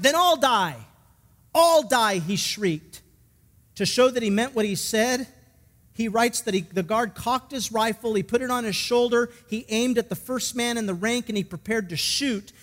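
A man's voice: extremely high pitch, long reverb tail. A male pastor preaching a sermon emphatically, asking the congregation questions and telling a story.

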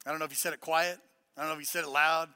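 A male pastor with a high, very bright and forceful voice. He preaches in a loose, joking way and then builds to loud, emphatic points. The sound is dry and close, with little room echo. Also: flat delivery, very fast, clear, resonant tone. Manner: casual, joking asides between preaching. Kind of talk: sermon.

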